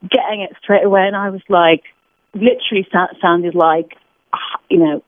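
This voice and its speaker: A British woman in her thirties, a podcast guest telling stories in lively, casual chat. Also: mid-range voice, normal speed, no echo. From Britain. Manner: chatty, animated storytelling with laughs. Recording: tinny phone-line sound.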